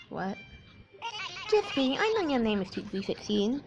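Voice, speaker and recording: A woman's voice: fairly high pitch, sing-song, moderate pace, creaky, long pauses, muffled recording. A woman hosting a casual let's-play, chatty and jokey with rambling asides, music mixed under her voice. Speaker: gaming channel host.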